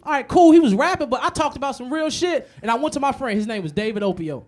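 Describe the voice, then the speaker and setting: High-voiced man doing profane stand-up. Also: quick pace. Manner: animated, profane storytelling with many repetitions; mixes low, muttered asides with loud punchlines. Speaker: stand-up comedian. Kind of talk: stand-up comedy set.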